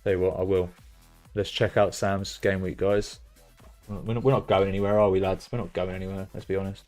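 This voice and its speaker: A young man with a British accent hosts a casual live stream, speaking in a fairly low voice. He rambles through his advice and then erupts into loud, swearing excitement over the results. Faint music plays softly behind him. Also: a little fast. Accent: British English. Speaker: streamer hosting a fantasy football stream. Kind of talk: casual live-stream chat, reading out chat messages.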